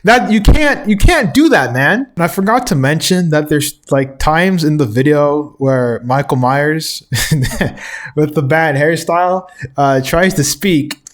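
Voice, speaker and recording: A man's voice: fairly high pitch, lively intonation, takes it slowly. Indignant man ranting in commentary. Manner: indignant, ranting, self-correcting with chuckles. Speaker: commentary host. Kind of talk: reaction commentary.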